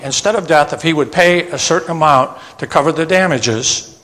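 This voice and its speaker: A man preaching a sermon, reading old scripture verses slowly and then explaining them in plain asides that end with "okay?". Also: a little high, a bit bright. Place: church sanctuary. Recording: long church reverb.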